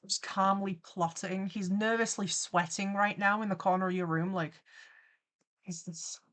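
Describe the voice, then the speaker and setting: Woman streamer, young, mid-pitched, chatty and theatrical, mock-villain riffs. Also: fairly even intonation, normal speed, fairly bright tone. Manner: playful, theatrical mock-villain rambling with frequent laughs. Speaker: streamer and animator. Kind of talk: casual livestream chat.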